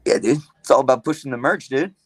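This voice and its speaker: A man's voice: medium pitch, fast, breathy edge. A man, a guest on a podcast, telling stories in a loose, profane way and saying "dude" a lot. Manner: laid-back, profane, says "dude" a lot. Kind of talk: casual storytelling.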